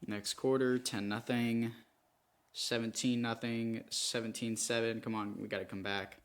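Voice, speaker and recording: A man's voice: medium pitch, flat delivery, measured pace. A young man giving rambling, self-critical commentary over a football video game, with frustrated outbursts. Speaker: gaming YouTuber. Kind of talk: gameplay commentary.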